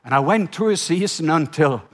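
A man from Norway preaching a sermon in his second language, animated and acting out the voices in his retelling, with stammers. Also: fairly high pitch, moderate pace. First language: Norwegian.

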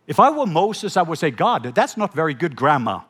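Animated Norwegian preacher man. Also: fairly high pitch, moderate pace, slightly rough. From Norway. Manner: animated, acts out voices in his retelling, stammers. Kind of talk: sermon.

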